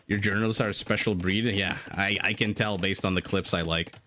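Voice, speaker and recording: This Canadian game caster commentates a strategy game live, chatting and joking with viewers between plays and breaking off to answer chat. His voice is on the low side and steady, a little fast, pushed and bright. There's slight background noise.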